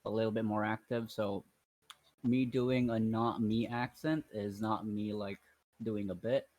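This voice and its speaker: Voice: mid-range voice, fairly even intonation, unhurried, a little mellow. A tabletop player chatting over a voice call, rambling and hesitant, with lots of fillers. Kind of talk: casual chat over voice call.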